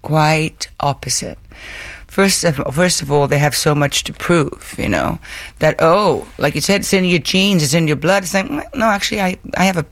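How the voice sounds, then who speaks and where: A woman's voice: deep voice, moderate pace, no echo. A woman giving interview answers as a guest actress, earnest and emphatic, often repeating her words.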